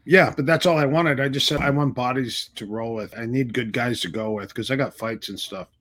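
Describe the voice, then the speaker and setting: A middle-aged man speaks as a guest, casually retelling old stories. He slips into the voices of the people he quotes, and his voice sits at an ordinary middle pitch. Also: a little fast. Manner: animated storyteller acting out quoted dialogue. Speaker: martial arts instructor, guest. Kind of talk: casual storytelling interview.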